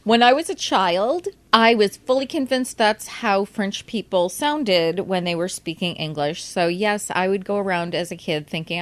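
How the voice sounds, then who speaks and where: A woman co-hosting a film podcast speaks in a thoughtful, conversational way, with the odd small hesitation. Her voice sits at an ordinary middle pitch for a woman. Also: moderate pace, few pauses. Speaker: podcast co-host. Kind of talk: casual film discussion.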